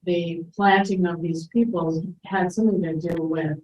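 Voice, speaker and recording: A woman's voice: on the low side, fairly even intonation, moderate pace, darkish tone. A woman hosting a talk, chatty and enthusiastic. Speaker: host. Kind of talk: casual chat. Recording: echoey, dull lo-fi sound.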